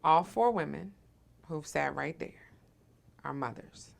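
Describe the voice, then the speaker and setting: Low, gravelly-voiced woman interviewer. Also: expressive, unhurried. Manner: affirming, emphatic, frequent "right?" tag questions. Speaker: interviewer and host. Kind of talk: supportive conversational interview.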